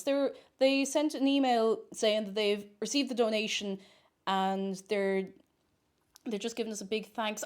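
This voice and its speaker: A woman's voice: medium pitch, fairly quick. An Irish woman live-streaming from her kitchen while baking, chatting casually, reading viewers' messages aloud and laughing often.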